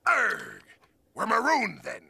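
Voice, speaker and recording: Mister Krabs, a gravelly cartoon crab captain. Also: male voice, sits high, wildly swooping pitch, takes it slowly, bright, forceful tone, exaggerated voice. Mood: blustering. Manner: barking pirate growls. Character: gruff greedy male crab sea captain. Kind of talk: cartoon voice acting.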